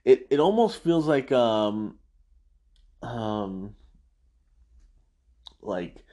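A man's voice: medium pitch, lively intonation, extremely slow, mellow. A man hosting a casual after-show, recapping an episode as an enthusiastic fan who rambles through the plot. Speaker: podcast host.

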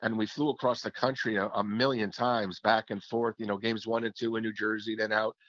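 A man's voice: lowish voice, level tone, fairly quick, fairly bright tone, no echo. A man who is a former hockey play-by-play announcer, telling stories in an interview in a reflective way, often restarting his sentences. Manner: reflective storytelling with frequent restarts. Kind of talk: reminiscing interview talk. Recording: slightly muffled lo-fi audio.

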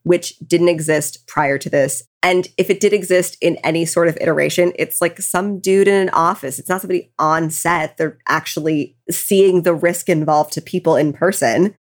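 A woman's voice: fairly low pitch, fairly even intonation, moderate pace, hardly any pauses. A tipsy woman co-hosting a podcast, retelling a true crime case casually with angry asides. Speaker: podcast co-host.

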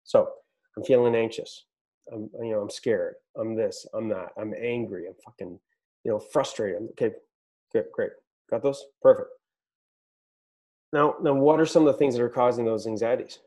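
A man's voice: mid-range voice, moderate pace, pauses often, warm tone. A man hosting a podcast, giving a blunt, profane motivational pep talk to business owners. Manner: blunt, swears a lot, pep-talk energy. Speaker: podcast host.

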